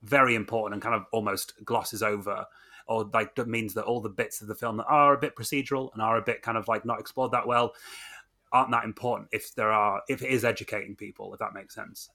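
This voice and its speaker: A man's voice: lowish voice, steady tone, quick pace, creaky, pushed and bright. A man co-hosting a film podcast, talking with enthusiasm in a loose, rambling way full of fillers. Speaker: podcast co-host. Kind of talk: casual film review chat.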